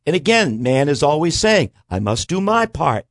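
A man's voice: on the high side, big pitch swings, no echo. Earnest man teaching scripture, dry sound. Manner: earnest, emphatic preaching cadence with slow stresses. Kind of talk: conversational Bible teaching.

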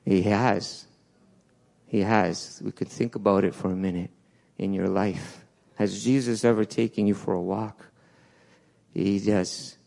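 A man preaching a sermon in a church, swinging between loud urgent peaks and soft low asides, with restarts along the way. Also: steady tone, a little slow, vocal fry, pauses often. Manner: passionate, rises and falls, restarts, acts out quotes.

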